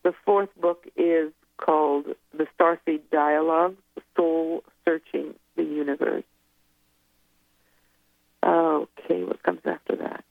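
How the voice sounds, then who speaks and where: A woman's voice: sits low, level tone, takes it slowly, vocal fry, no room sound. A woman guest author speaking casually in an interview, rambling and hesitant as she recalls things. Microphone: telephone. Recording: tinny phone line.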